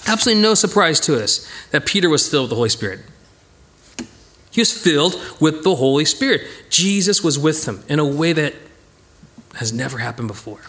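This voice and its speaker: A male Bible teacher leading a casual study, speaking with emphatic energy and addressing his group directly. His voice sits high and swings widely in pitch as he drives home each point. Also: brisk. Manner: animated, emphatic, talks to listeners as "guys".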